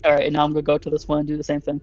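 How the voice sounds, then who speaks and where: A man's voice: fairly high pitch, completely flat delivery, very fast, a little mellow, lo-fi sound, a little hiss or hum. A man playing in a tabletop game, talking in a loose, chatty way and laughing often. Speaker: player. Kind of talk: casual tabletop play.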